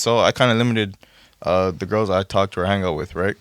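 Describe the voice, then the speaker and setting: A man from Toronto, co-hosting a casual podcast, telling a story with animated stammering restarts. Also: deep voice, a little fast, clear, resonant tone, no room sound. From Toronto, Canada. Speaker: podcast co-host.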